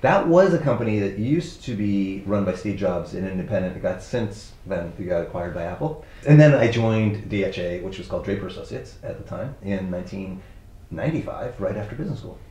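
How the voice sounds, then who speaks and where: A man's voice: sits low, expressive, a little fast, mellow, reverberant, poor audio. A man from Texas answering interview questions in an easygoing, thoughtful way, with a light chuckle now and then. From Arizona and Texas. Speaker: interview guest, venture capitalist.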